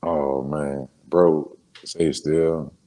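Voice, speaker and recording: Man, from New Orleans, very deep voice, warm dark tone, slangy storytelling, interview guest. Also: level tone, drawn-out words. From New Orleans, Louisiana. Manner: emotional storytelling with street slang, many filler phrases. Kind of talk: casual sit-down interview.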